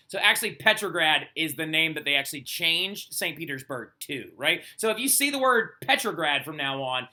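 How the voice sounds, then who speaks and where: Young male teacher, animated casual lesson delivery; a bit high-pitched, very bright, edgy tone. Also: normal speed, few pauses. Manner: chatty, animated, lots of "like" and "right?", acts out quotes. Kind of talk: casual recorded history lesson.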